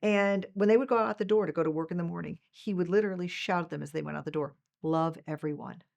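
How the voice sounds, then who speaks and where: A woman in her sixties talks quickly in a low-set voice. She tells stories with animated energy and acts out quoted lines with sharp leaps in pitch, a guest in a conversational interview. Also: creaky. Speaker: guest, management professor.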